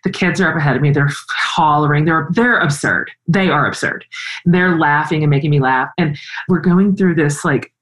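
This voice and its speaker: Low-voiced woman interview host. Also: moderate pace, low-quality recording. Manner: earnest, expressive, animated storytelling. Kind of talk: conversational interview.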